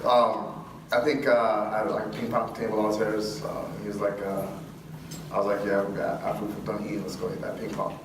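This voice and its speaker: A man's voice: fairly low pitch, brisk. Man telling a story in an echoey hall. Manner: animated, acts out dialogue, laughs often. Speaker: guest speaker. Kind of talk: storytelling talk to a live audience. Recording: echoey hall from far off with room noise.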